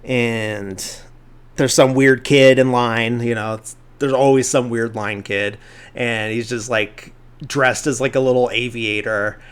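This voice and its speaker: A podcast host recaps a movie in loose, rambling chat, leaning heavily on fillers, restarts, and lots of "like." Now and then he briefly acts out the characters' lines. His voice is at an everyday middle pitch, smooth and fairly bright, with fairly even intonation.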